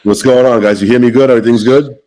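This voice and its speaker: A man's voice: mid-range voice, fairly even intonation, dark tone. A man from Brooklyn with a Brooklyn New York accent, a guest on a casual live-stream sports chat, who often restarts his sentences. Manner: halting, restarts his words.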